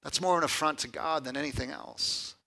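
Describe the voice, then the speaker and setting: A man preaching a conversational sermon, often asking "right?" and building to loud, emphatic lists. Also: a little high, brisk. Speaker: pastor.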